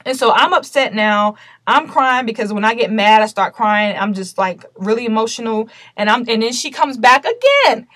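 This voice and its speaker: A woman with a fairly high voice recounts a personal ordeal to her camera, animated and indignant. She acts out her own side of the conversations with sharp emphasis. The sound is dry and close. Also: normal speed, dry recording. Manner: animated, indignant retelling with emphatic quoted dialogue. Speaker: vlogger recounting a personal story; mother. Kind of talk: casual storytelling to camera.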